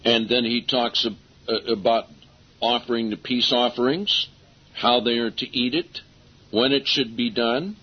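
Husky guy preaching, reads verses slow and emphatic, kinda dull lo-fi sound. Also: mid-range voice. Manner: emphatic, slows down to stress key phrases. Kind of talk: sermon with scripture reading. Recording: dull lo-fi recording.

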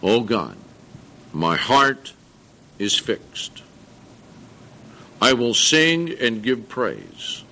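An older man preaching a sermon to a congregation, earnest, slowing down to stress scripture and correcting himself as he goes. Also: medium pitch, huge pitch swings, creaky, sharp tone. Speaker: pastor.

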